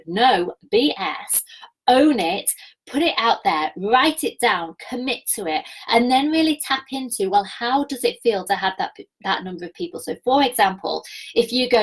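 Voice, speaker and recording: A woman coaching her viewers in a live session, enthusiastic and spiritual, with a slightly croaky voice from a week of talking. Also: fairly high pitch, lively intonation, moderate pace, rough recording. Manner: enthusiastic, spiritual, reads viewer comments aloud. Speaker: business coach.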